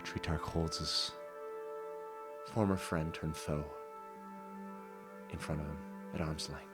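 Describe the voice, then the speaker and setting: A man narrating an improvised solo tabletop role-play session in a slow, dramatic storytelling manner. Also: a bass voice, fairly even intonation. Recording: voice over background music.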